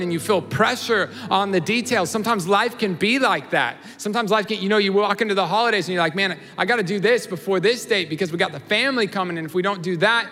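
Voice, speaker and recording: A man's voice: sits high, bright, forceful tone, long reverb tail. A man in his thirties preaching a sermon in a conversational, storytelling way, often checking in with "all right?" and "you know". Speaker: pastor.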